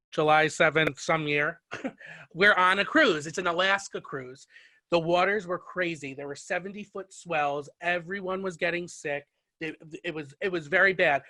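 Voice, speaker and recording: A male interviewer with a high, bright voice, recorded close and dry with no room sound. He talks in a chatty, story-telling way, warm to his guest. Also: moderate pace, no room sound. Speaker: interviewer, host. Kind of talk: casual interview.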